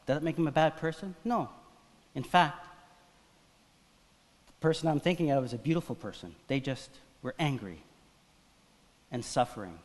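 A man preaching from the pulpit, his fairly high voice carrying a long tail of reverb through a church hall. He preaches with animated drive, rising for emphasis and dropping low for asides. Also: moderate pace, pauses often. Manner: animated preaching, acts out voices of biblical figures. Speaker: pastor. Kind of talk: sermon.

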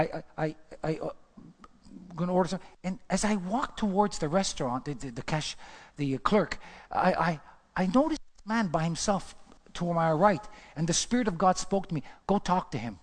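A male pastor telling his life story in a sermon, chatty and animated, asking the crowd questions and often restarting his sentences. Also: a little high. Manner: storytelling, animated, asks the audience questions, repeats himself. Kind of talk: testimony sermon.

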